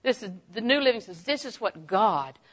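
A woman with a slightly high, very lively voice speaks at a normal pace, teaching a Bible lesson like a sermon. She tells personal stories and builds up to strong, emphatic declarations to drive her points home.

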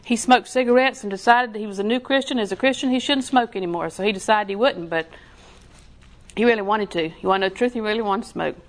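Speaking quickly in a mid-range voice, this woman preacher delivers a chatty sermon built on homespun tales. She's an animated storyteller, laughing as she goes, mimicking others' voices and sinking into whispers to make a point.

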